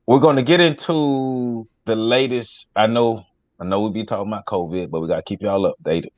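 Brief: low-voiced male podcast host, dry close sound, easygoing delivery. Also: normal speed, no room sound. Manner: laid-back, reads news aloud. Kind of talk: casual podcast talk.

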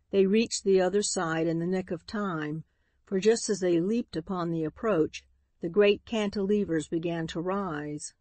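A woman reads an audiobook in a steady, even narrating voice. Her pitch sits slightly low. The recording is close and dry, with no room sound. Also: dry recording. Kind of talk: scripted narration.

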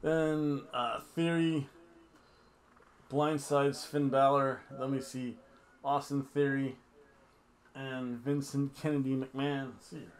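A man's voice: mid-range voice, little pitch movement, slow pace, long pauses, slight background noise. A man hosting a casual wrestling review, talking in a rambling, offhand, jokey way with asides. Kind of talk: casual wrestling recap chat.

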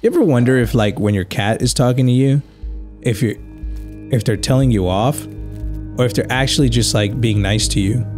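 A man's voice: mid-range voice, moderate pace, music in the background. A young man doing casual gameplay commentary, joking around and dropping Spanish words. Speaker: gaming YouTuber.

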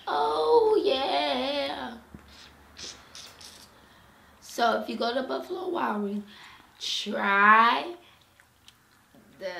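A woman with a hoarse voice from a cold, chatting slowly and casually over a meal. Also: fairly high pitch, bright, forceful tone, roomy sound. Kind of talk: casual chat while eating.

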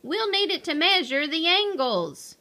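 A woman voicing a bold, energetic male hamster who urges his team on. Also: extremely high pitch, unhurried, pitched above the performer's own voice, full character voice. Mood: excited. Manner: excited, rallying.

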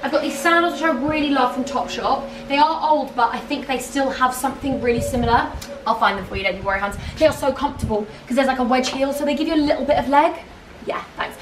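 A woman's voice: high-pitched, fast talker. A giggly, self-mocking British woman in her twenties chatting through a holiday outfit try-on vlog on a camera mic. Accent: British English. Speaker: fashion vlogger. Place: outdoors on holiday, then an airport. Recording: distant camera mic with noisy background.

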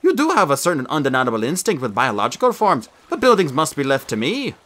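Male reader plays a haughty, exact young genius, crisp storybook voice. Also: a little high, huge pitch swings, fast talker, pushed and bright, exaggerated voice. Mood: firm. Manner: formal, crisp and lofty. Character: prim, precise genius boy, formal.

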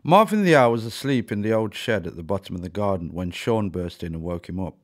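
A man reading a children's story aloud in a calm, clear manner. His voice sits fairly low. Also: fairly quick, hardly any pauses.

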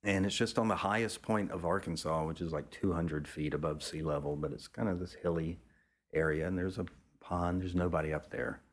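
A man's voice: fairly even intonation, fairly quick. A man, a photographer, telling a casual, rambling story with frequent restarts and the odd swear word. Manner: acts out other people's lines in a raised pitch.

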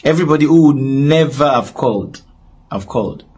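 A Nigerian man, a public figure addressing his audience, speaks straight into the camera with an earnest, pleading apology, repeating himself often. His mid-range voice is animated, darkish, and slightly rough, at a normal speed.

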